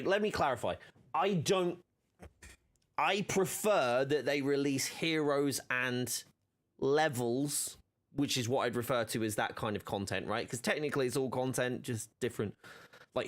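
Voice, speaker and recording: A man's voice: medium pitch, fairly bright tone. A man streaming a video game, chatting casually with many fillers and restarts. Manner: rambling, filler-heavy, self-correcting.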